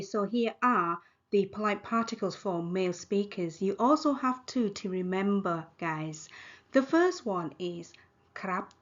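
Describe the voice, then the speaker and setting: A woman with a Thai accent teaching a language lesson, modeling words slowly and repeating them for the learner. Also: mid-range voice, muffled recording. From Thailand. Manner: slow, repeated model pronunciation.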